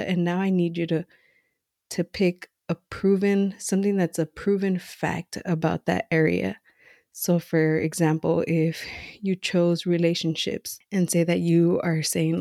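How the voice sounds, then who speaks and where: A woman hosting a casual self-coaching podcast from home late at night, talking softly and a little out of breath, chatty and relaxed with lots of "like" and "right". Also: lowish voice, no room sound, clean studio sound. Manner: chatty, conversational, laughs often, says "like" and "right"; speaking softly to keep quiet. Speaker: podcast host.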